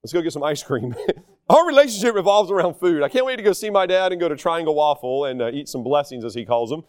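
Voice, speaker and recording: A man preaching a sermon, telling stories in an animated, self-deprecating way. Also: fairly high pitch, fast talker, smooth, dry recording, clean studio sound.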